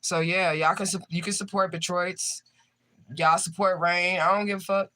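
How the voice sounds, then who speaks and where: A man's voice: sits high, flat delivery, normal speed, sharp tone. A man, a tarot reader, chatting casually and profanely to his livestream viewers.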